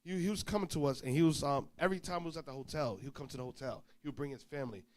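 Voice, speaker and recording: Male preacher, higher voice, lively storyteller who acts out the dialogue himself, informal sermon. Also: rapid-fire. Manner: animated storyteller, acts out dialogue, swings loud and soft.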